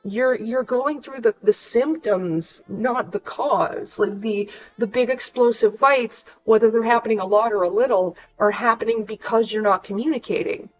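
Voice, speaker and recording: A woman's voice: a little high, moderate pace, few pauses. Young woman, frank and ranting, casual stream talk, muffled lo-fi sound. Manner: blunt, frank, swears freely, ranting. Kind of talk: casual venting livestream.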